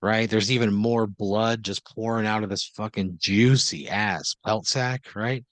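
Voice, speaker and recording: A man hosts an improvised comedy podcast as the storyteller, in a fairly low voice. He narrates casually, piling up fillers and asking for confirmation. The sound is close and dry. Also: steady tone, unhurried, a bit bright, no echo. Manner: casual, laughing narration full of "like" and "right?". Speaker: host and game master.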